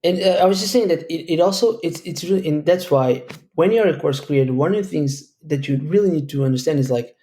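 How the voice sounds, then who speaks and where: A man's voice: fairly high pitch, a little fast, dark tone. A man from Portugal, answering interview questions at length in a thoughtful, rambling way with frequent restarts. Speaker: guest, educator.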